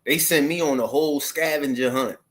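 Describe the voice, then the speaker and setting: A man's voice: fairly high pitch, fairly quick. A man in his thirties from Maryland, telling a casual story to the camera in loose, slangy street talk full of asides. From Maryland, USA. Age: 30s. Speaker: vlogger.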